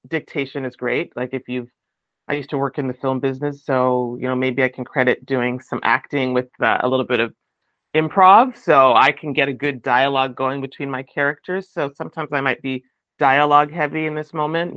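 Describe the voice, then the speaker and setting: A man chatting as a podcast guest, animated and acting out quoted voices. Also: medium pitch, no echo. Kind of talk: casual chat. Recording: dull, dry lo-fi sound.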